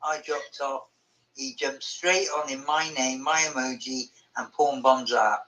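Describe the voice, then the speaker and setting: Flat, matter-of-fact man. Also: medium pitch, a little slow, a little hiss or hum, poor audio.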